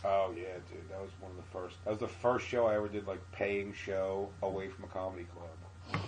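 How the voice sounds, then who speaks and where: A man, a podcast guest telling a profane, animated comedic story and acting out his own shouting. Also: low-pitched, a little fast, slight background noise.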